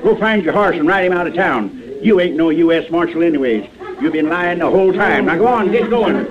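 A man plays a mild, folksy townsman with a plain country drawl, the kind who says "ain't" and "nothing" where he shouldn't. The sound is a dull, muffled old radio broadcast, and his voice sits on the high side. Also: expressive, a little fast, a crowd in the background, lightly acted. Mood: gleeful. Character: timid small-town man turned bluffing gunman. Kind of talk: 1950s radio drama acting.

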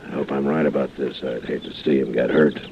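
A man playing a steady frontier marshal who speaks in a measured, firm way, in an old radio drama. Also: very deep voice, vocal fry. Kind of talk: 1950s radio drama acting. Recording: muffled old radio broadcast, noisy.

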